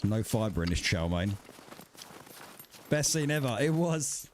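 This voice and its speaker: A man's voice: on the low side, sing-song, measured pace, noisy background. A man streaming a survival game live and chatting casually with his viewers in swearing banter. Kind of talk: casual livestream chat.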